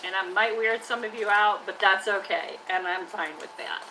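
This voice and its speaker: A woman's voice: medium pitch, moderate pace, bright, forceful tone, a little hiss or hum, low-quality recording. A woman chatting casually on a live stream from her workshop, teasing and scolding her trash can like a buddy. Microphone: live-stream camera mic.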